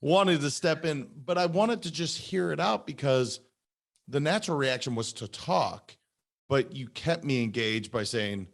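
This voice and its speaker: A male podcast host with a mid-range voice who chats loosely and informally. He jumps in with quick asides and talks to his guest like an old friend. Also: medium pitch. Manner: informal, calls guest "brother". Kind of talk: casual interview chat.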